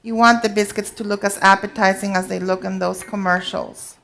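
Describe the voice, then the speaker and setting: A woman's voice: medium pitch, steady tone, a little fast, gravelly, fairly bright tone. A woman cooking instructor giving a live demonstration, chatty and instructive, often checking in with her audience. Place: teaching kitchen before a live audience.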